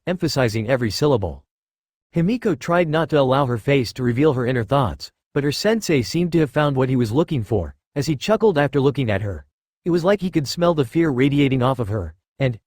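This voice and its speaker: A male narrator reads a story aloud in an expressive style, his pitch moving up and down freely. His voice sits in a middle register and is recorded close and dry, with no room echo. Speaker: audiobook narrator. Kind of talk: scripted narration of fan fiction.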